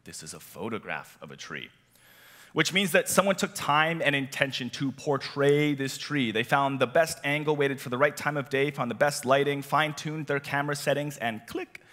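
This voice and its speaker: A man preaching a sermon as youth director, animated with playful asides. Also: mid-range voice, normal speed. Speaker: youth director and teaching pastor. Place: church hall. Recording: long church hall reverb.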